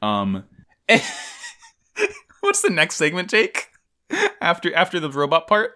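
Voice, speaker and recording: This man co-hosts a casual podcast chat full of laughter and playful fan excitement. He speaks slowly, his fairly high voice carrying a clean tone.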